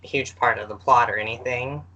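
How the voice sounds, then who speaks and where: Woman co-host, bright and rambling, self-deprecating, casual chat. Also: extremely low pitch, fairly even intonation, normal speed, lo-fi sound. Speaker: podcast co-host.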